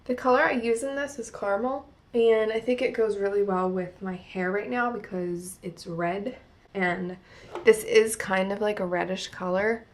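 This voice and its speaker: At home in front of a mirror, a young New Jersey woman with a matching accent chats her way through a makeup tutorial. Her mid-range voice holds a fairly even intonation at normal speed, and as a beauty vlogger she rambles along, packing in "like" fillers.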